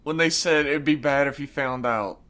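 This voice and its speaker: A man's voice: fairly high pitch, normal speed, fairly bright tone. A man co-hosting a podcast in casual chat, sarcastic and joking, swearing freely. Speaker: podcast co-host.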